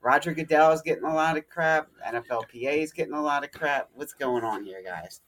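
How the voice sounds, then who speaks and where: A man's voice: fairly high pitch, brisk, fairly bright tone. A man hosting a casual sports podcast, teasing his co-hosts and laughing often. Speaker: podcast host.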